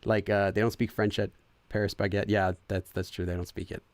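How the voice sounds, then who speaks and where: A man's voice: on the low side, flat delivery, brisk, no echo. A young man hosting a casual let's-play, chatting, laughing often and translating game text as he goes. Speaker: gaming channel host.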